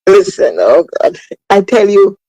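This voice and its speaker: A woman's voice: medium pitch, big pitch swings, unhurried, warm tone, dry recording, rough recording. Emphatic Jamaican woman caller, dry sound. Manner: emphatic, exclaiming, calls on God. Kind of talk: call-in radio talk.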